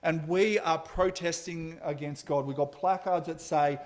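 A man preaching a sermon, telling a story with halting restarts and emphatic turns. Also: fairly high pitch, fairly even intonation.

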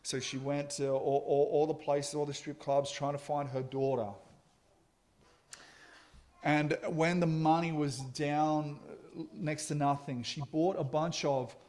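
A man preaching a sermon, telling a story with halting restarts and emphatic turns. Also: a little high, steady tone, darkish tone.

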